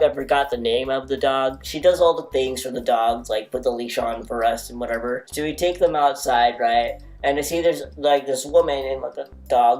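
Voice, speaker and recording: A man's voice: mid-range voice, darkish tone. Rambling storytime guy, faint music behind. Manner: rambling, filler-heavy, dramatic self-mocking asides. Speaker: vlogger. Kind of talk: casual storytime monologue.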